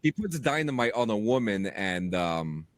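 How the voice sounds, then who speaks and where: A man chats on a podcast with a lively, swooping voice that rises and falls a lot, tripping over his words as he restarts sentences. The sound is dry and close, with no room around it. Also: on the low side, moderate pace, no room sound. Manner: animated, stammering restarts. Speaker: podcast host and audio drama producer. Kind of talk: casual podcast chat.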